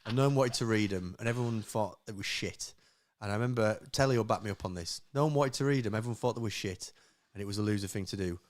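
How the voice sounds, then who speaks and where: A man with a northern English accent, co-hosting a podcast in casual, animated chat with frequent swearing. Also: fairly low pitch, fast. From northern England. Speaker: podcast co-host.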